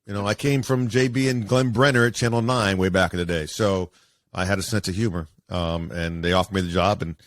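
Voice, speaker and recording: A man, a sportscaster, telling stories casually as an interview guest in an animated way with many fillers. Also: low-pitched, fairly quick, dry recording. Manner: animated, acts out quoted voices, many fillers.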